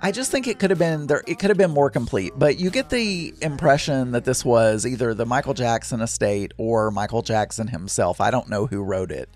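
A man's voice: mid-range voice, a little fast, hardly any pauses, darkish tone, soft background music. A middle-aged man telling a rambling, chatty story with exasperated asides. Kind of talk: casual storytelling monologue.

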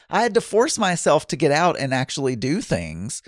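A man hosts a relaxed solo podcast, reading out listener messages and chatting about them. His voice sits fairly high and swings up and down a lot. The sound is dry and close, with no room echo. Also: brisk, hardly any pauses. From Arkansas. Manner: chatty and self-deprecating, with frequent laughs and restarts. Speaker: podcast host.

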